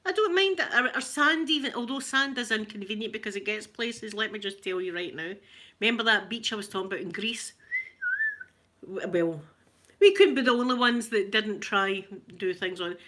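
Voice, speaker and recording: A Scottish woman with a rough voice, chatting casually and laughing as she tells stories to viewers on a live stream. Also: medium pitch, normal speed, pushed and bright, slight background noise. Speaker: livestream host chatting with viewers.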